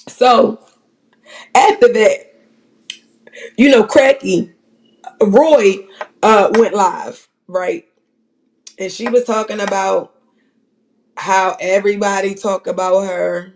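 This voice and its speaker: A commentator rambling through profane, animated, casual talk about other livestreamers. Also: mid-range voice, slow pace, pauses often.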